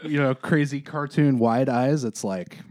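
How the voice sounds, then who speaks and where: A man's voice: medium pitch, unhurried, darkish tone, no room sound, clean studio sound. A man chatting on a podcast in a joking, teasing way. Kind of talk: casual podcast chat.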